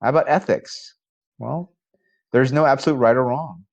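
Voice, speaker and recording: A male philosophy professor giving a college lecture at a middle pitch. He is conversational and often poses rhetorical questions. He grows animated in stories and restarts phrases as he goes. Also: normal speed, vocal fry, dull audio.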